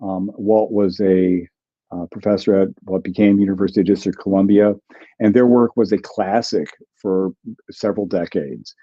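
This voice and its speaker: A male linguist and author, appearing as a guest on a livestream, answers viewer questions thoughtfully and explanatorily, with many ums and restarts. His low voice is warm and steady at a moderate pace, though the recording is muffled.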